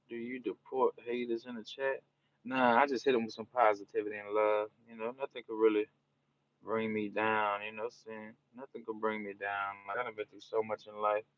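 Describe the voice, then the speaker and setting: A man's voice: on the low side, muffled recording. A man from New Orleans with a New Orleans accent, chatting casually and rambling with viewers on a live stream. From New Orleans, Louisiana. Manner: laid-back, rambling, peppered with "you know". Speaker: livestreamer.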